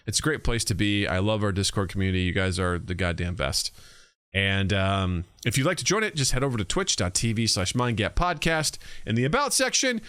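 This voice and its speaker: A man's voice: fairly low pitch, lively intonation, a little fast, a bit bright, clear, resonant tone, no room sound. A man from Illinois co-hosting a podcast in casual chat, laughing often and plugging the show playfully. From Illinois, USA. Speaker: podcast co-host.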